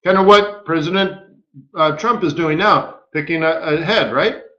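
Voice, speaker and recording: A man hosting a live trading webinar as market strategist, talking in an animated way and tossing in rhetorical questions. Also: a little high, normal speed, echoey room, muffled recording. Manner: animated, rhetorical, keeps asking "right?".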